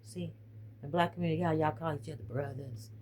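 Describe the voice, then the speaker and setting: A woman hosts a casual live stream recorded on a phone, chatting straight to viewers and saying "y'all." Her voice is low, darkish, and strained by weather and heated talks, and she speaks a little fast over slight background noise.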